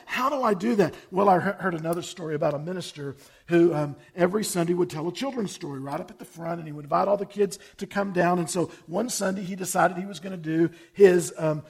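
A man's voice: sits high, brisk, vocal fry, slightly rough. A man preaching a sermon, telling stories in a conversational, folksy way. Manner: storytelling, conversational, with folksy jokes. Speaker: pastor.

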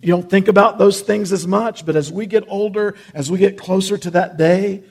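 Gravelly, husky high-voiced pastor preaching. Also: male voice, steady tone, moderate pace, darkish tone. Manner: earnest, conversational preaching with restarts. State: choked up with emotion. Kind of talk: sermon.

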